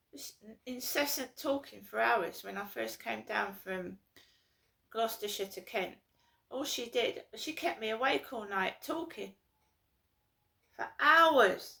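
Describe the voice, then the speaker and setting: A woman's voice: a little high, creaky, a bit bright. A woman from London, ranting in an aggrieved, repetitive vlog monologue. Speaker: vlogger. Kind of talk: casual to-camera monologue.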